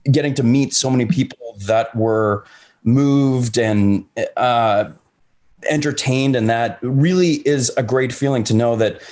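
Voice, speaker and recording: A man on a video call panel, talking in an earnest, halting way and fighting to stay composed. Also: mid-range voice, a little mellow. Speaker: actor on a reunion panel. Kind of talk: casual panel chat.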